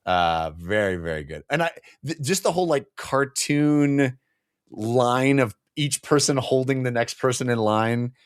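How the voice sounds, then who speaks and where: A man's voice: medium pitch, animated, measured pace, clean tone, dry recording, studio quality. A man co-hosting a book club podcast, chatting enthusiastically and acting out quoted lines. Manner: enthusiastic, acts out quoted lines in raised voices. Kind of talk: casual book discussion.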